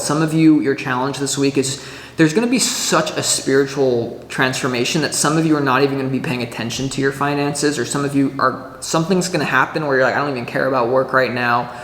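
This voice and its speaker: A man giving a casual weekly tarot reading to camera, chatty and animated, full of restarts and filler words, acting out little scenes as he explains. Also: medium pitch, fairly quick. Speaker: tarot reader. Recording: echoey room with long reverb.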